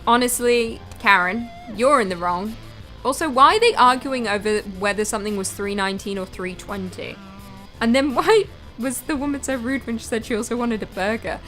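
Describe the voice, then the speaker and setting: A woman's voice: a little high, moderate pace, pushed and bright, soft background music. A woman hosting a reaction video, commenting casually on clips in an amused, blunt, chatty way.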